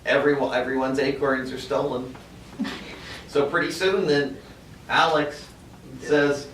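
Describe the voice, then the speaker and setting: A man teaching a class in a playful, animated way and joking with his students. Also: mid-range voice, a little slow, pauses often. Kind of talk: classroom lecture. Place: school classroom. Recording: echoey classroom, mic far off, noisy.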